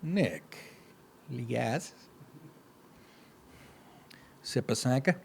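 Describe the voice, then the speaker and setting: Brief: middle-aged man, podcast host, gravelly voice, lively swings, crude mocking commentary. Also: medium pitch, slow pace, a little hiss or hum. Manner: profane, sarcastic, mocking asides. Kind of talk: comedic news rant.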